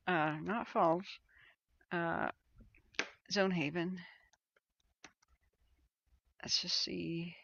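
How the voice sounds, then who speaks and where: Creaky-voiced woman livestreaming wildfire maps. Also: fairly low pitch, no room sound. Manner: thinking aloud, hesitant, many ums and restarts. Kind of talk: casual live-stream commentary. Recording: dull lo-fi stream audio.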